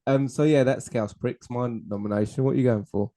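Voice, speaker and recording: Mellow-voiced young man, laid-back co-host. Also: medium pitch, fairly even intonation, a little fast. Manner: laid-back, hesitant with fillers. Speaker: podcast co-host. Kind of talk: casual chat.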